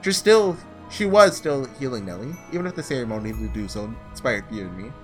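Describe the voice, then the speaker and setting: A man reading aloud the halting first-person narration of a guilt-ridden young man in a visual novel. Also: mid-range voice, lively intonation, soft background music, close to an everyday voice.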